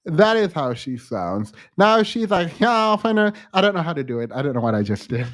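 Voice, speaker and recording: A man's voice: mid-range voice, very animated, a little fast. A man co-hosting a podcast, pressing his co-host with teasing, probing questions in casual chat.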